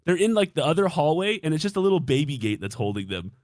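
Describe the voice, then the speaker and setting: Young man, casual storytelling, swears a lot, very lively pitch, dry close sound. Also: fast, no echo. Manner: animated, swearing, acts out his own reactions. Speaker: guest telling a dating story.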